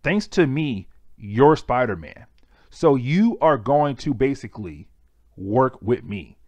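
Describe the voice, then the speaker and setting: A man's voice: mid-range voice, big pitch swings, slow pace, darkish tone, no room sound, highs cut off, pitched below the performer's own voice. A man voicing a scheming middle-aged father who becomes a goblin villain, in a menacing, commanding manner.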